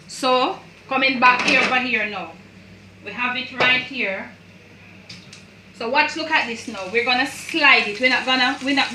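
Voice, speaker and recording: Jamaican lady showing how she cooks at home, higher voice, chatty, slips in creole, bacon sizzling loud behind her. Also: background noise. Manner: chatty, repeats phrases, mixes in Jamaican creole. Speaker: home cook. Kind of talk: casual cooking demonstration. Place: home kitchen. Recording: echoey kitchen, far from mic, sizzling pan. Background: frying and sizzling.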